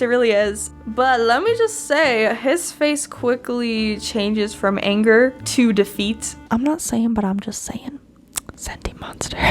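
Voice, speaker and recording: A woman's voice: fairly high pitch, a bit bright. A woman hosting a casual fan commentary video, chatty and giggly, laughing often as she talks. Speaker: fan channel host.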